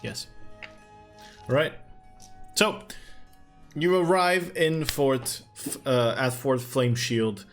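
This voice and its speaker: A man narrating a tabletop game as game master, halting, with many fillers and restarts. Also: mid-range voice, expressive, soft background music.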